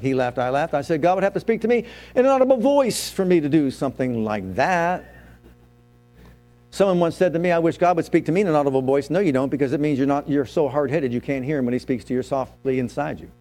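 A man's voice: mid-range voice, fast talker, warm tone, faint music behind. A man preaching a sermon as pastor, telling his own story and asking the congregation questions.

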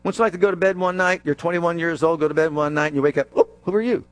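A male preacher giving a sermon, animated and jokey, acting out scenes as he goes. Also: a little high, rapid-fire.

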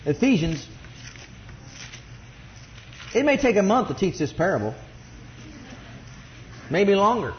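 High, animated preacher in a roomy hall. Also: male voice, slow pace, long pauses, a little hiss or hum. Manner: preaching, swings between soft asides and rising exclamations. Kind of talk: sermon. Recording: dull roomy recording.

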